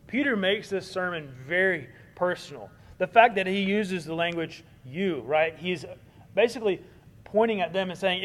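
A man preaching a sermon in an earnest way, building emphasis on key points and then softening. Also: a little high, moderate pace. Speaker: pastor.

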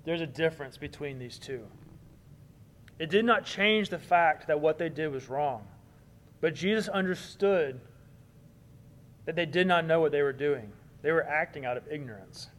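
A man preaching a sermon in an earnest way, building emphasis on key points and then softening. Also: a little high, lively intonation, normal speed, long pauses. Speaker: pastor.

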